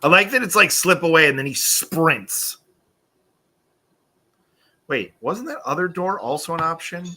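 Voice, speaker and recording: A man's voice: a little high, expressive, a little slow, long pauses, sharp tone, breathy edge. A man casually commenting on his gameplay as a streamer, chatty and reactive.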